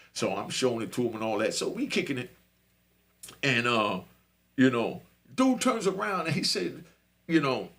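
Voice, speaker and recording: A man's voice: medium pitch, creaky. A middle-aged man casually telling a prison story in loose street slang, often asking "you know what I mean?".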